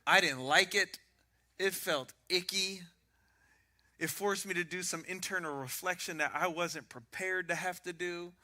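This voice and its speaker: A man preaching a sermon as pastor, telling animated stories with self-mocking humor. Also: high-pitched, measured pace.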